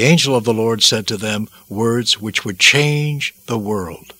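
A man's voice: medium pitch, a little slow, few pauses, sharp tone, husky, dry recording. A man preaching a devotional sermon, dramatic and emphatic, repeating phrases for weight.

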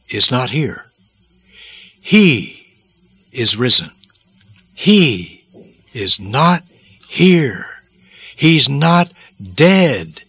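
A man voicing an angel, proclaiming slowly and emphatically in a raised, forceful, husky voice. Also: on the high side, dry recording, voice pushed up, full character voice. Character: male angel proclaiming triumphantly.

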